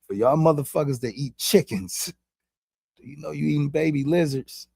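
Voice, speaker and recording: A man's voice: a little high, normal speed, creaky, a little mellow, breathy edge, no room sound. A man giving a rambling, profane spiritual monologue in casual street slang. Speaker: vlogger.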